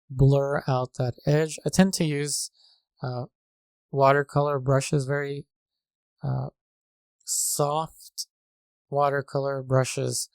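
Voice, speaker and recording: A painting instructor with a gravelly, low-key voice narrates a tutorial demonstration, calm and measured, his flat delivery marked by small pauses and frequent fillers as he works. A desk microphone gives dry, close sound with no echo or room around it.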